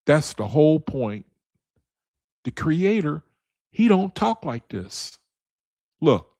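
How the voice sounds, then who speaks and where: A man's voice: on the high side, big pitch swings, takes it slowly, warm tone, dry recording. A man leading a casual video Bible study, talking straight to his viewers, repeating his points and calling them brethren and man, with speech.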